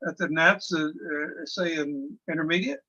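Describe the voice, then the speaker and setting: A man's voice: fairly high pitch, moderate pace, bright, forceful tone, dull audio. A man on a video call who questions and argues a point in a casual chat. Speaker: video hangout participant.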